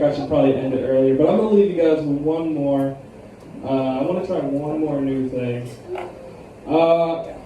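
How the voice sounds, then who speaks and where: A young man performs stand-up in a lounge, his mellow, dark voice picked up from some distance. The room rings with a strong echo and faint noise behind him. He talks loosely, with lots of ums and likes. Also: fairly high pitch. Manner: laid-back, rambling delivery with many fillers. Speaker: stand-up comedian. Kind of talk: stand-up comedy set. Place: lounge with a live audience. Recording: echoey room, far from the mic.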